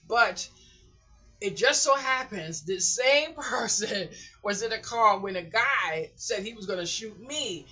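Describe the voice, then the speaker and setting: A woman's voice: medium pitch, lively intonation, slow pace, sharp tone, husky. A woman vlogger telling stories casually and emphatically, acting out her own past words. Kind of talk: casual storytelling. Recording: dull lo-fi recording.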